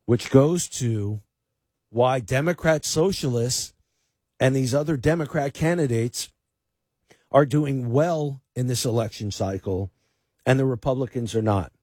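Husky-voiced man hosting political talk radio. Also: mid-range voice, a little slow, darkish tone, no room sound. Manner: emphatic, repeats words when restarting. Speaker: fill-in radio talk host. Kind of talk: opinionated political commentary.

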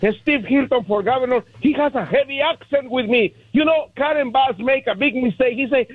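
A man's voice: very high voice, brisk, few pauses, husky, no echo. Accented male caller on a phone line. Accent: Spanish. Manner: heavily accented, enthusiastic. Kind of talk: phone-in call.

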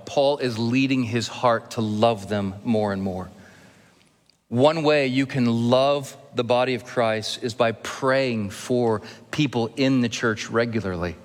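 A man preaches a sermon to his congregation in an earnest, measured manner, now and then lightening it with gentle humor. His voice sits at an ordinary male pitch. The sound carries the long reverb of a church hall. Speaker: pastor. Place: church sanctuary.

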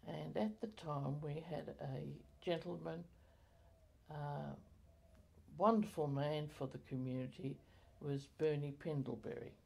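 An older woman recalling her community life in an oral history interview, halting with many fillers and self-corrections. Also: low voice, fairly even intonation, gravelly, warm tone, husky.

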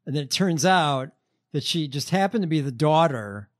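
Male podcast host, slightly high voice, halting and sardonic delivery. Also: lively intonation. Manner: halting, lots of fillers, sardonic. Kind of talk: casual chat.

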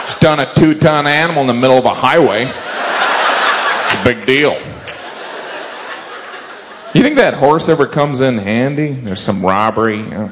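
A man performing a stand-up comedy routine on stage, talking deadpan and jumping into high, silly character voices. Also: normal speed, pauses often, background noise. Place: comedy stage before a live audience.

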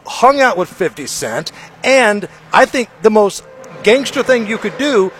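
A man hosting a morning radio show, telling stories in a chatty, animated way. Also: high voice, measured pace, a little hiss or hum. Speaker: radio host. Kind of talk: casual morning radio banter.

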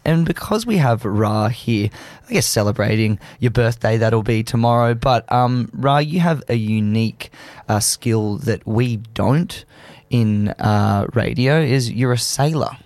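A man's voice: mid-range voice, unhurried, a little mellow, no echo. A man hosting a community radio show, chatting casually and joking with co-hosts in the studio. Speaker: radio host. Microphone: studio microphone.

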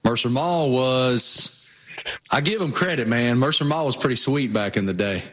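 A man with a Southwest Virginia accent chats casually as a co-host. His pitch sits in an ordinary middle range. He tells stories in a folksy, unhurried way. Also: fairly bright tone. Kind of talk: casual chat.

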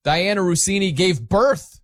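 A man hosting casual sports talk, animated and rambling, full of fillers and restarts. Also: high-pitched, measured pace, no room sound.

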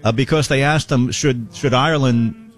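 A man's voice: mid-range voice, normal speed. A man hosting a talk show, riffing jokingly on the news with laughs. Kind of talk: comedic commentary.

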